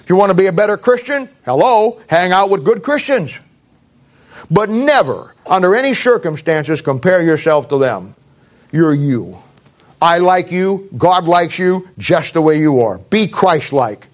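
Middle-aged male pastor with a high, lively voice, blunt folksy sermon delivery and sarcastic asides. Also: unhurried.

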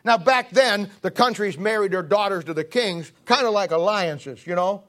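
A man's voice: high-pitched, moderate pace, a bit bright. A man preaching in a folksy, joking storytelling style, often repeating himself. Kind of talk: storytelling sermon.

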